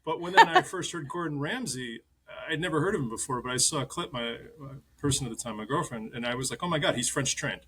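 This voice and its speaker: A man in his fifties, a chef interviewed as a guest, telling animated stories and chuckling as he goes. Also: medium pitch, quick pace, few pauses, heavy background noise. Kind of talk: conversational interview storytelling.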